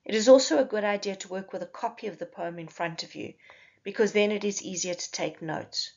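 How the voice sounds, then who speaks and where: A woman teacher giving a slow, careful recorded slide lesson, spelling out examples step by step. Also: medium pitch, a little mellow, lo-fi sound.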